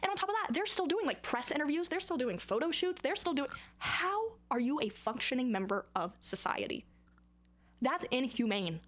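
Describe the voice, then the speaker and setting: A young woman chats straight to camera in a loose, rambling vlog. Her voice sits a little high, and she gets excitable and dramatic as she talks. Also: normal speed. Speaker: vlogger. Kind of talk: casual chatty vlog.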